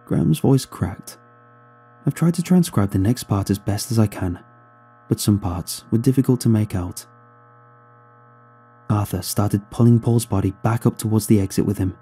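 A man narrating a scripted horror story with a very dark, mellow and husky voice pitched on the low side. He tells it in a somber, measured way, with faint music underneath.

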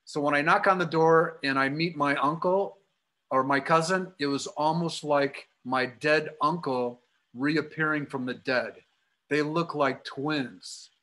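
A man with a Chicago accent and a mid-range, slightly bright voice is a guest speaker at a library storytelling talk. He fills it with anecdotes and acts out the voices of the people he quotes.

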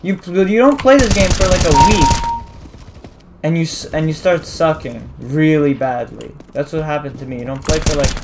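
A woman gamer giving casual commentary while playing, muttering in frustration with quick outbursts. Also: deep voice, heavy background noise. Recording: loud game gunfire over voice. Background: gunfire and shots from the game.

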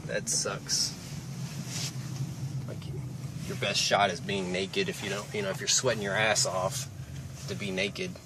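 A man's voice: low voice, little pitch movement, a little slow, long pauses. A young man vlogging from his car while driving, rambling casually and swearing offhandedly. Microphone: phone camera held while driving. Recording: car noise behind the voice. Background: engine and road noise.

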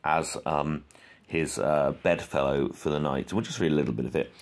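Low gravelly man teaching poetry. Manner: rambling, many fillers, reads verse aloud slowly. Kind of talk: informal spoken lesson.

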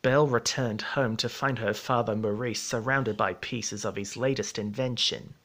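Male storybook narrator, middle pitch, measured steady read.

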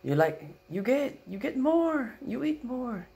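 A man doing a high, insistent old Filipino grandmother with a Filipino English accent, asking short broken questions. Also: big pitch swings, a little slow, gravelly, mellow, exaggerated voice. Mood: pushy. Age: 70s. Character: old Filipino grandmother, pushy, fussing over food.

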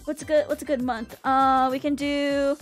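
Young woman streamer, very high voice, bubbly, rambling, casual swearing, faint music underneath. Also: level tone, moderate pace. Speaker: VTuber streamer. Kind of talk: casual livestream chat with viewers.

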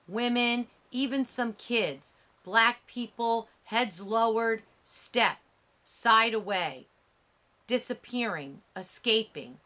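A woman narrating an audiobook with a measured, dramatic reading. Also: a little high, bright, forceful tone.

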